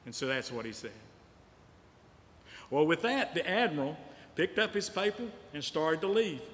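Preacher in a reverberant church hall. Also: male voice, a little high, very animated, normal speed, fairly bright tone. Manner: storytelling preacher, repeats lines for emphasis. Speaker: pastor. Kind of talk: sermon. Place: church sanctuary.

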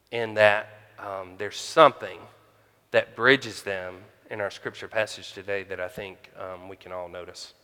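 A man preaching a conversational sermon as pastor, pausing often with fillers. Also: medium pitch, sharp tone, clear, resonant tone. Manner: conversational with frequent pauses and fillers. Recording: hall reverb.

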